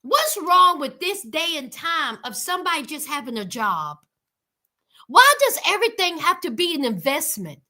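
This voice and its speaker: High bright-voiced sassy woman recapping. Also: normal speed. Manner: sassy, animated, addresses viewers directly. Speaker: reality TV recap host. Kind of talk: casual recap commentary to viewers.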